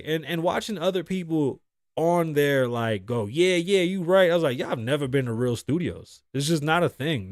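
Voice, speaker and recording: A man's voice: on the high side, no echo, clean studio sound. Profane, rambling man hosting a podcast. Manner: profane, rambling, animated storytelling. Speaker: podcast host. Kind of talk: casual monologue.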